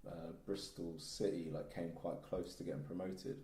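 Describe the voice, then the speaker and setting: A man telling rambling anecdotes quickly in a casual podcast chat. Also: low-pitched, fairly even intonation, warm tone. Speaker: podcast co-host or guest. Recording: roomy echo, faint noise.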